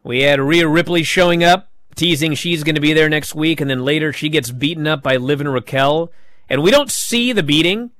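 A man hosting a wrestling talk show, recapping matches in casual chat with animated, mocking outbursts. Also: fairly high pitch, moderate pace, no echo, studio quality. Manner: animated, mocking, jumps to shouting. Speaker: wrestling podcast host.

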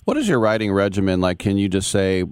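A man's voice: low-pitched, big pitch swings, fast, a little mellow, clean tone, no echo, studio quality. A man hosting a sports talk radio show, interviewing a guest casually and joking. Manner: joking, laughs easily.

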